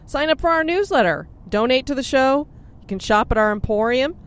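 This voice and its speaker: Chatty woman podcast host, slightly high. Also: animated, brisk. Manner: chatty and upbeat, laughs often. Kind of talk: casual chat. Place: in a car on a road trip. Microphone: sharing one mic with co-host.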